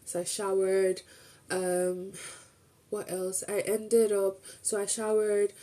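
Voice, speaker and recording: A woman's voice: mid-range voice, monotone, slow pace, dark tone. A young woman streamer chatting casually as she recaps a trip, rambling through restarts and acting out bits of dialogue.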